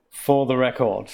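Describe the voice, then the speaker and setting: A German game streamer with a mid-range, darkish voice and vocal fry gives casual commentary while playing a puzzle game. He chats, pokes fun at himself, and drifts into rambling asides.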